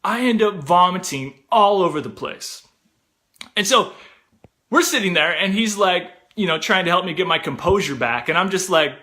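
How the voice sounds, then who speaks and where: A young man spins a comic story about himself in a loose, chatty way, sprinkling in "like" and "bro". His voice sits high for a man and has a bright, forceful edge. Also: normal speed. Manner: animated, chatty, peppered with "like" and "bro".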